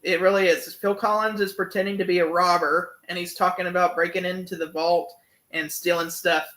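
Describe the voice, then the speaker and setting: A man's voice: sits high, level tone, fairly quick, bright, forceful tone. A young man giving a casual, enthusiastic album review, full of fillers and humming along to the songs. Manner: enthusiastic, many fillers, hums and sings along. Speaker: music reviewer.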